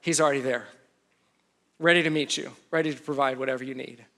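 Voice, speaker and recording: A man's voice: mid-range voice, steady tone, fast, a bit bright. A man, a pastor with a young daughter, preaching a conversational sermon, mixing humor and acted-out quotes into his teaching.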